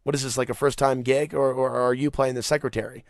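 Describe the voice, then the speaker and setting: A male podcast host rambles through an animated solo rant, swearing and laughing as he goes. His voice sits at an average pitch. The sound is dry, with no room echo. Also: fast talker, vocal fry. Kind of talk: casual monologue rant.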